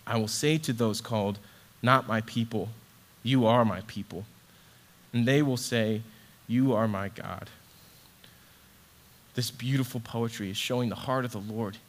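A man's voice: medium pitch, unhurried. A man with an ordinary mid-range voice reads scripture and reflects on it devotionally. He speaks earnestly and from the heart, doubling back on words as he feels his way through the thought. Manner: earnest, heartfelt, repeats words as he searches for them. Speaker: church ministry associate director.

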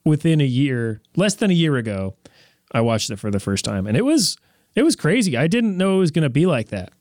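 A man chatting casually with a lively, up-and-down voice, rambling through jokes with plenty of fillers and restarts. The sound is dry and close, with no room around it. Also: a little high, fairly quick, no room sound. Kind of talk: casual chat.

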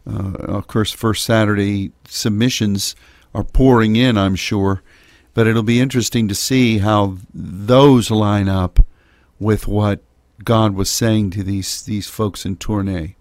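A middle-aged man co-hosting a prayer ministry radio show, chatting casually and haltingly with many fillers and restarts. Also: on the low side, fairly even intonation, darkish tone, no echo, clean studio sound. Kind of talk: casual chat.

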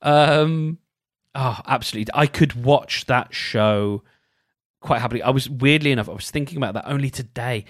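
A British man talking on his own in a casual, rambling way, restarting sentences often and getting animated as he goes. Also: medium pitch, normal speed, no echo, studio quality. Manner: rambling, animated, self-interrupting. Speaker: podcast host. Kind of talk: casual solo chat.

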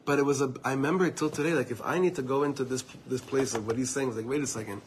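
A man's voice: medium pitch, racing, slight background noise. A man giving an informal Torah talk to a small group, telling personal stories with earnest asides to his listeners. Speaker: Torah teacher.

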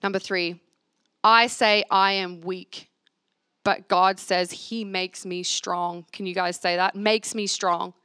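A woman's voice: medium pitch, fairly even intonation, slow pace, pushed and bright, smooth, no echo, studio quality. A woman leading a church reflection, reading scripture aloud and asking the listeners to repeat affirmations after her. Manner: earnest, asks the room to repeat lines. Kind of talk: sermon with call-and-response scripture reading. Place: church gathering.

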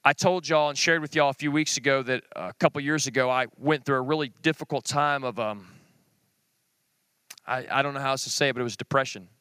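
A middle-aged man, teaching a men's group in an earnest, plain-spoken sermon with quick short phrases. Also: mid-range voice, pushed and bright, smooth, dry recording. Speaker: Bible teacher.

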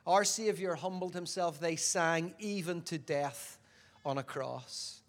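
Speaking slowly in a voice on the high side, this preacher keeps asking his audience questions. His sermon moves from loud, emphatic moments into quiet, reflective stretches.

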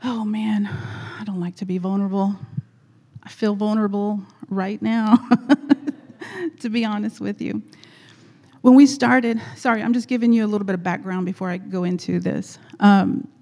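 A woman's voice: medium pitch, steady tone, moderate pace, dark tone. A woman telling a personal story at church, chatty and rambling with frequent laughs. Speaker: guest speaker at church. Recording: echoey hall.

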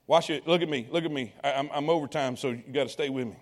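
A man preaching a sermon, calling out to the congregation and swinging between quiet asides and loud appeals. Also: medium pitch, fast talker. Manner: call-and-response preaching to congregation.

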